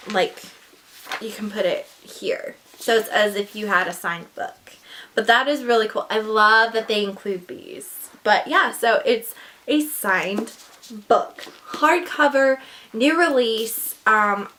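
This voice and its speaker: A woman chatting casually through an unboxing, gushing and excitable, with gasps and whispered asides. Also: mid-range voice, a little hiss or hum. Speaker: book vlogger.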